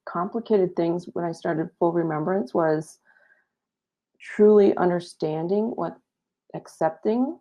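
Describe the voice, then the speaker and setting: A woman appears as a guest on a spiritual talk show, earnest and reflective, laughing lightly now and then. Her voice is on the low side, slow and warm, captured in dull lo-fi audio.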